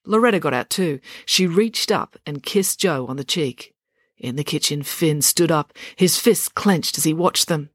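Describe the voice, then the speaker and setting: A woman reading a children's chapter book aloud, steady and expressive. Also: deep voice, unhurried, no room sound, clean studio sound. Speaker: storyteller.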